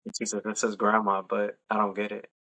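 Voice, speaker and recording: A young adult man and podcast co-host, casually telling a personal story in a relaxed, chatty way and laughing along. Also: on the low side, a little fast.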